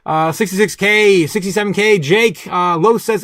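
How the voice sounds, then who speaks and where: A man hosting a market livestream, excitable and quick to laugh, reading viewer chat aloud. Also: sits high, no echo, studio quality. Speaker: host.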